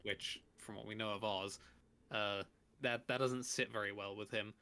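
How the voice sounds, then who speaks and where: A man who is a guest on a podcast, speaking in a measured, analytical way about a show. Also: fairly low pitch, steady tone, sharp tone. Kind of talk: casual analytical chat.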